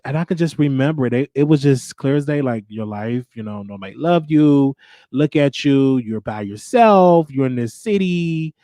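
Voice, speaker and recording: A young man hosting his own show, telling a personal story in a candid, halting way with many restarts. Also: mid-range voice, darkish tone, no room sound, clean studio sound. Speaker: show host.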